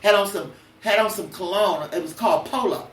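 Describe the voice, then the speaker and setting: A woman's voice: medium pitch, brisk, echoey room, far from the mic. An older woman hosting a podcast, telling blunt, preachy personal stories with cursing. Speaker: podcast host. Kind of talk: emotional personal monologue.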